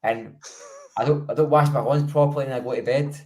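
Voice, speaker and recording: A man's voice: medium pitch, steady tone, a little fast, darkish tone. A Scottish man in his late thirties, a podcast co-host telling rambling, self-mocking, sweary stories in casual chat. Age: 30s.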